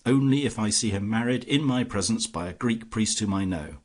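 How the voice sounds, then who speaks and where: A man's voice: fairly low pitch, moderate pace, darkish tone, slightly rough. A man voicing a starving, defiant Greek male prisoner who refuses the demands of his captors, in an audiobook. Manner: indignant, stubborn.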